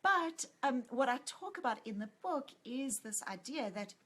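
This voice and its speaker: A woman psychologist and author in a conversational interview, telling stories in an animated way and acting out what people said. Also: high-pitched, normal speed. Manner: animated storyteller who acts out quoted lines.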